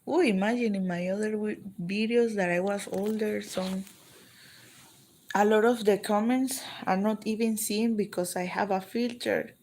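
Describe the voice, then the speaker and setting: A woman's voice: mid-range voice, fairly even intonation, normal speed, darkish tone. A Colombian woman with a Colombian accent chatting casually on a livestream, answering viewer comments and switching between English and Spanish. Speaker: livestream vlogger.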